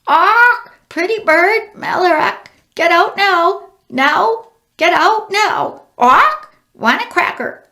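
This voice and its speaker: A woman doing Beliana, a shrill squawking bird. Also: animated, slow, bright, forceful tone, full character voice. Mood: frantic squawking. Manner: squawky, shrill parrot talk. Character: female bird, an angel, squawking and urgent.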